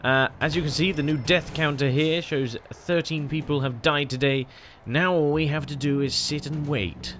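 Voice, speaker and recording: A man's voice: a little high, steady tone, moderate pace, a bit bright, a little hiss or hum. A man giving casual game commentary, chatty and self-deprecating, often breaking into exclamations. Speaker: gaming channel host.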